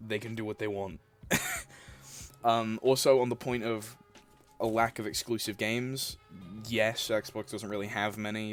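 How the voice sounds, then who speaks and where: A young man hosting a reaction video, blunt and sarcastic, swearing often. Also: lowish voice. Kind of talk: reaction commentary.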